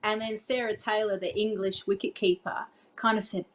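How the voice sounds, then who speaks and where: A woman, a former cricketer turned commentator, telling a story in relaxed chat with a lot of ums. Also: medium pitch, normal speed. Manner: chatty, frequent ums, acts out her own on-air call.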